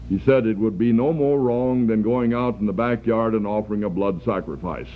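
A man preaching a sermon, earnest and deliberate, lifting his voice for emphasis. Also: lowish voice, a little hiss or hum. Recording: tinny phone-like archival recording.

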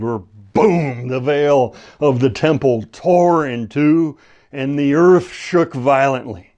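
Male preacher, sermon, slow unhurried delivery, measured teaching tone. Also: mid-range voice, darkish tone. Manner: slow, measured Bible teaching with quoted scripture. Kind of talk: expository sermon.

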